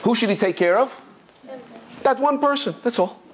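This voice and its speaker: A rabbi giving an animated Torah class, telling stories excitedly with stumbling repetitions and chuckles. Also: male voice, very high voice, normal speed, a little hiss or hum. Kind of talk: animated Torah lesson with storytelling.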